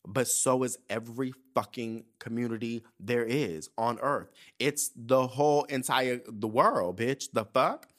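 Animated, profane man in his thirties. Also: mid-range voice, a little slow, hardly any pauses. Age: 30s. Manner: animated, profane, acts out quoted voices. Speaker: podcast host. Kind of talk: casual chat.

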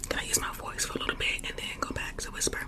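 A woman whispering softly and chatting with viewers during an ASMR live stream, close to a sensitive condenser microphone. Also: rapid-fire. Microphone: USB condenser mic up close.

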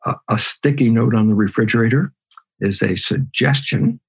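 A man's voice: medium pitch, moderate pace, creaky, slightly rough. A man being interviewed as a guest biologist, talking emphatically and animatedly. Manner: emphatic, acts out his own side of conversations.

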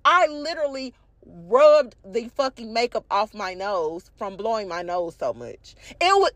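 A high-voiced young woman with a drawl and a stuffed-up, allergy-congested sound rants to her viewers in a casual, swear-filled way. The recording is close and dry, with no room sound around her. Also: no room sound. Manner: profane, animated, addresses viewers as y'all. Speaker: vlog host. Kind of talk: casual storytelling rant.

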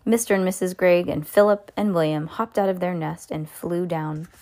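Storyteller, woman, children's book read aloud, lively with asides. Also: lowish voice, moderate pace. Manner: lively with small slips and asides.

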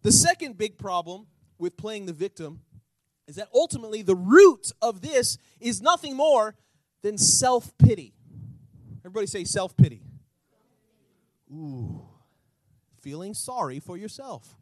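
A man pastor preaching a sermon, animated, asking the congregation rhetorical questions and acting out little scenes. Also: sits high, normal speed, no room sound, poor audio.

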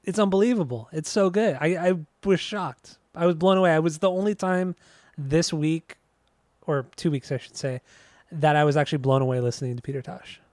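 A man's voice: on the high side, a little fast, darkish tone, dry recording. A man co-hosting a podcast in casual chat, easygoing and enthusiastic about the music he likes. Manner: easygoing, enthusiastic, laughs often. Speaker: podcast co-host.

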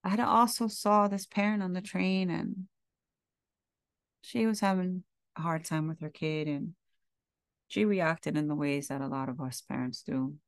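Low, gravelly-voiced woman speaking from the heart. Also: fairly even intonation, unhurried, no echo, clean studio sound. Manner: heartfelt and confessional, casual swearing. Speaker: podcast host. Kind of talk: candid reflective monologue.

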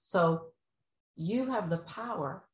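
A woman's voice: lowish voice, expressive, takes it slowly, roomy sound, poor audio. A woman giving casual motivational advice, often checking in with "right?" and acting out what other people might say. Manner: acts out quoted people in bouncy voices, frequent "right?". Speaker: speaker giving life advice.

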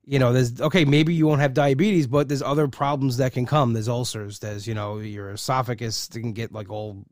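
A man in his forties hosting a podcast, chatting casually from a studio and rambling with many halting restarts. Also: mid-range voice, steady tone, a little mellow, no room sound. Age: 40s. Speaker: podcast host. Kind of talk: casual chat.

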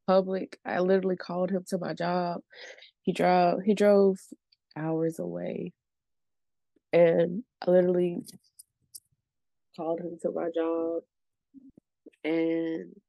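A woman's voice: fairly low pitch, gravelly, warm tone, no echo. A woman, telling a personal story candidly and emotionally, often saying "like". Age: late 20s. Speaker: podcast guest sharing her story.

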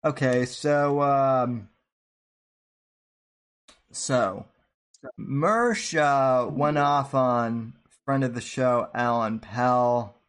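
A man co-hosting a podcast, setting up a clip in a hesitant, halting way. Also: medium pitch, smooth. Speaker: co-host. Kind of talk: casual podcast banter.

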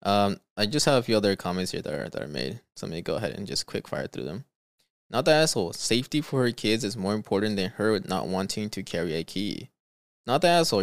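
Male podcast host, casual and slangy, animated reads, dry close sound. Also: lowish voice, dry recording. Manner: animated, slangy, says "bro" and "dude" often. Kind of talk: casual podcast chat, reading stories aloud.

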